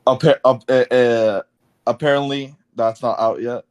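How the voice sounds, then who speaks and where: A man's voice: mid-range voice, steady tone, unhurried, smooth. A young man hosting a casual podcast interview, rambling with many fillers and restarts. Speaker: podcast host.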